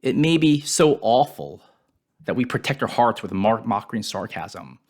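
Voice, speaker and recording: A man giving a reflective devotional Bible teaching, dropping his voice softly on painful words. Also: lowish voice, big pitch swings, normal speed.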